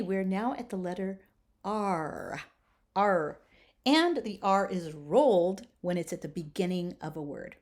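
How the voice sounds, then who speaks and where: Slow, mellow-voiced woman teaching Latin diction. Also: lowish voice. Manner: clear, patient, models words slowly for repetition. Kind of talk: instructional lesson with sung and spoken examples.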